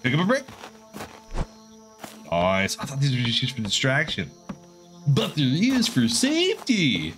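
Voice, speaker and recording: A man narrates his horror game run in an animated, jumpy way, his pitch swinging widely as he repeats words and mutters to himself. His voice sits at an ordinary male pitch, and steady game music plays underneath. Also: measured pace, long pauses. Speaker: gaming streamer. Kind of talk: horror game let's play commentary.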